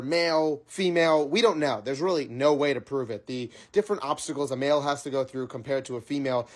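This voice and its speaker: A speaker giving casual, opinionated commentary. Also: medium pitch.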